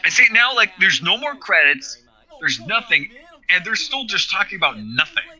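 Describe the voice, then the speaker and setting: A man's voice: high voice, big pitch swings, moderate pace, sharp tone, poor audio. A man co-hosting a podcast, rambling and sarcastic as he riffs on a cheesy special, laughing often. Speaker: podcast co-host. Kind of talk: casual riffing commentary.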